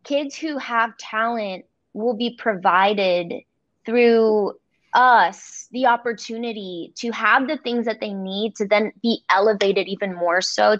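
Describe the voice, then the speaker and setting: A woman guest speaking in a heartfelt way, filling pauses with "like" and "you know," over dull, dry remote-call audio. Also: mid-range voice, a bit bright, dry recording. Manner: heartfelt, with many fillers. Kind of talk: interview.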